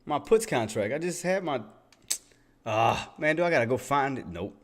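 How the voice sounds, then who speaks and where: A man giving casual live commentary on his day trading, excitable and chatty, laughing with his chat and muttering to himself while he searches his screen. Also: medium pitch, normal speed. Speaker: day trader streaming live.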